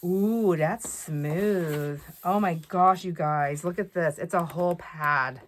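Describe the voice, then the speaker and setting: Woman, craft vlogger, casual excited chat, lots of fillers, lowish pitch, faint background noise. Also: slow. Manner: chatty and excitable, many fillers and asides. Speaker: craft vlogger showing a haul.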